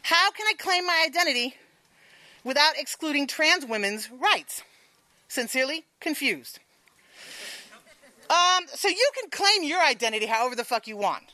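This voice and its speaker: A woman's voice: sits high, big pitch swings, moderate pace, long pauses, pushed and bright, dry recording, low-quality recording. A woman telling a frank, profane story on stage, laughing often, then hosting the next part of the show.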